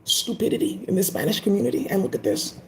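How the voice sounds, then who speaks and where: A woman's voice: medium pitch, big pitch swings, quick pace. A woman vlogger giving a casual, emphatic rant full of profanity. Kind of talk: casual ranting commentary. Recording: echoey room.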